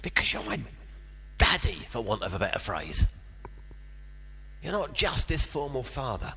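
A man in his sixties preaching a sermon with personal testimony, mixing self-deprecating asides with bursts of excitement. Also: medium pitch, a little slow, vocal fry, breathy edge. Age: 60s.

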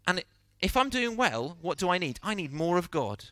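A middle-aged man preaching a sermon, telling the story with lively acted-out voices. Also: high voice, normal speed. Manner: animated storytelling, acting out quotes.

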